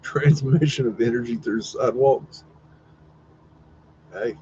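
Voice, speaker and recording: Brief: man as live-stream host, rambling and profane, mid-pitched voice, dull lo-fi audio. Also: slow pace, mellow, slight background noise. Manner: rambling, profane, wondering aloud, teasing his dog. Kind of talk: casual live-stream commentary on old photos.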